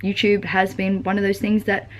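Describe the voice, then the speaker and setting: A woman's voice: mid-range voice, completely flat delivery, normal speed. Earnest young woman vlogging. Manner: earnest, open and heartfelt; uses many "like" fillers. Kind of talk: personal vlog talk to camera.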